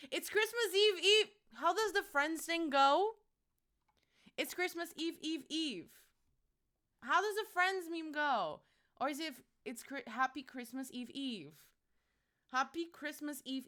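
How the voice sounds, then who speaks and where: A woman's voice: on the high side, pushed and bright, smooth. A young woman streaming a game and chatting casually with her viewers, playful and teasing, swearing freely into her streaming microphone.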